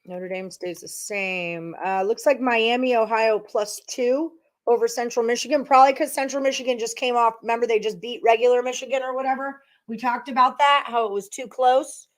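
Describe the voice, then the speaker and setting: A woman's voice: a little high, fairly even intonation, a little fast, few pauses. A woman hosting a live sports betting stream, chatting casually and thinking aloud to her viewers as she goes through picks. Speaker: sports betting show host.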